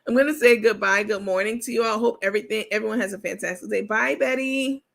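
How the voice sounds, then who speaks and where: Woman host, sassy livestream banter with viewers, bright forceful voice. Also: mid-range voice, fast, vocal fry. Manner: sassy, joking, talks straight to viewers. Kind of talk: casual live-stream commentary.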